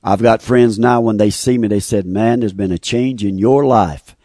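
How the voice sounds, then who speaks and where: A man's voice: lowish voice, normal speed, warm tone, no echo, clean studio sound. A man giving an earnest, heartfelt personal religious testimony, often repeating his phrases. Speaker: speaker giving a faith testimony. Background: faint guitar music.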